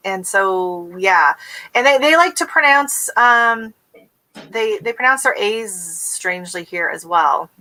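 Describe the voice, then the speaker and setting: Woman, middle-aged, from the US; livestream host; bright tone, chatty, imitates accents. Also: medium pitch, rough recording. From United States. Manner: chatty, laughs often, mimics accents. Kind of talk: casual livestream chat.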